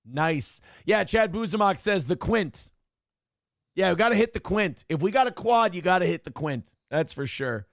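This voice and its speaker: A man hosting a live show, reading chat donations in a loud, joking manner with sudden shouts and low asides. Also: lively intonation, moderate pace, dry recording, clean studio sound. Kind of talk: casual livestream chat.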